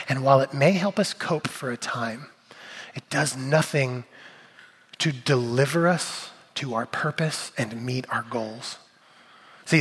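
Animated preacher in a reverberant hall. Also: male voice, a little high. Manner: animated, jokey storyteller, shifting between loud bits and quiet asides. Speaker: pastor. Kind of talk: sermon with comic storytelling.

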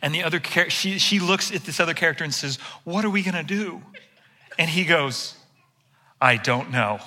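A pastor with a very bright, tense edge to his voice tells a story on himself with plenty of humor. He is a middle-aged man, fairly high for a man, and he preaches in a lively, storytelling way. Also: moderate pace, a little hiss or hum. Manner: animated storyteller, self-deprecating humor. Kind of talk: sermon with personal story.

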